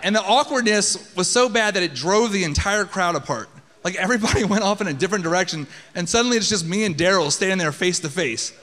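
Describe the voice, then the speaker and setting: A man's voice: high voice, expressive, fast talker, a bit bright, big-room sound. A man telling a personal story on a theater stage in a casual, profane, conversational way.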